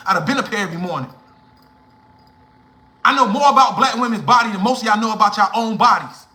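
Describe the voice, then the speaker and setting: A man's voice: sits high, expressive, fast talker, bright, forceful tone. Young man, livestream rant, profane, heated, echoey room. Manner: blunt, profane, heated lecturing. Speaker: livestream host.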